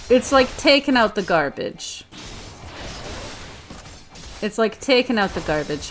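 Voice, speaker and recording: Slow, playful woman playing a game. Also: fairly high pitch, very animated, fairly bright tone, soft background music. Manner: playful, theatrical, repeats her lines. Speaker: let's play host. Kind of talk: in-character game commentary.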